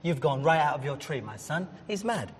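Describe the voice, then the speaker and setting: A man's voice: a little high, very animated, normal speed, breathy edge. An actor playing a con man who makes dry, wry remarks. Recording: film scene with reverb and faint street noise.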